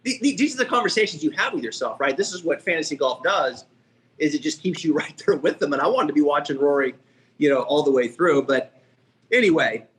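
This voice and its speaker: A man hosting a podcast, chatting casually in rambling, quick asides and often checking with "right?". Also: fairly high pitch, animated, fairly bright tone. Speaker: podcast host. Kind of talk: casual chat.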